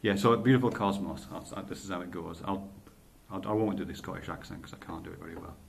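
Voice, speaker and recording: A man's voice: low-pitched, fast talker, gravelly. A man talking in a loose, casual monologue, often stopping to correct himself and swearing casually. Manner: rambling, stops to correct himself. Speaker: podcaster.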